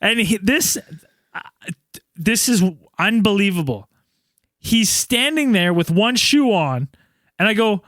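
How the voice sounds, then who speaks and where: High-voiced swearing podcast host, man. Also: a little slow, long pauses, no echo, clean studio sound. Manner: swearing, animated storyteller. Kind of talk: casual storytelling chat.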